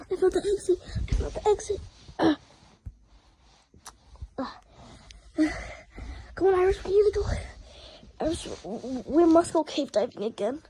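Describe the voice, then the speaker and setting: A young woman talks casually to the camera and to her cat, playful and rambling. She often stumbles and restarts her sentences. Her voice sits high for a woman. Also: warm tone, slight background noise, rough recording. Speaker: vlogger. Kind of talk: casual vlog chatter.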